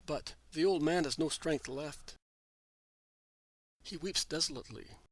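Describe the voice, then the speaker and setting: Man, earnest measured narrator for a devotional reading; slightly higher voice, dry. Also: dry recording. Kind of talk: scripted narration of a religious text.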